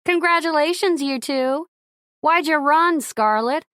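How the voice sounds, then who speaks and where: Woman putting on loud shouting reporters. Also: high voice, measured pace, dry recording, clean studio sound, voice pushed up. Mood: clamoring. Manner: loud, clamoring. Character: pushy shouting tabloid reporters.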